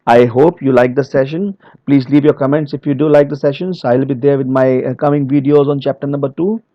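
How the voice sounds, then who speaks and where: A man teaching German pronunciation in a video lecture. He explains plainly, with frequent fillers like "okay" and "all right", and slowly stretches out each example word. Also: medium pitch, dark tone, no echo, lo-fi sound. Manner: slow, drawn-out modeling of example words.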